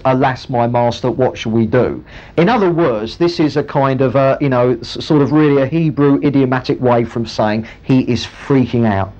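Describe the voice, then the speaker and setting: A man preaching a sermon, retelling a Bible story with lively storytelling. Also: mid-range voice. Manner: storytelling, animated, acts out the characters. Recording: muffled lo-fi recording.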